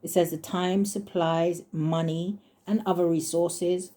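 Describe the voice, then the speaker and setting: Mellow-voiced woman musing over tarot cards. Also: lowish voice, level tone. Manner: muses aloud, chuckles often, reads card texts slowly. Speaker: tarot reader. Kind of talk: casual tarot reading, thinking aloud.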